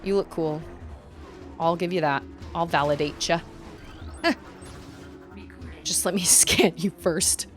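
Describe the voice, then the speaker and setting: A woman's voice: on the low side, slow, pauses often, faint music behind. A woman streaming a game, chatting casually and animatedly, laughing often and gasping at surprises. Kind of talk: casual gameplay chat.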